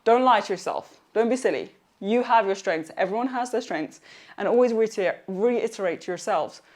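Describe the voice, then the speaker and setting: A woman's voice: mid-range voice, normal speed. A young woman talking through her home workout in a casual vlog, chatty, upbeat and encouraging, with a self-teasing streak. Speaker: fitness vlogger. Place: home workout, partly outdoors.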